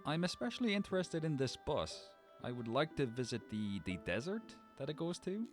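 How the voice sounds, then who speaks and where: A man's voice: on the high side, sing-song, moderate pace, faint music behind. A man reading a scripted gameplay narration with a wry, dry sense of humor.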